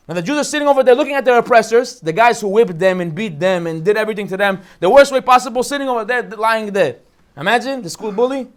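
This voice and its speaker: A rabbi gives a lively lesson on the weekly Torah portion and tells it as a story full of acted-out voices and jokes. His voice sits very high for a man, and he talks at a fast clip. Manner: animated storytelling, acts out quotes, jokes.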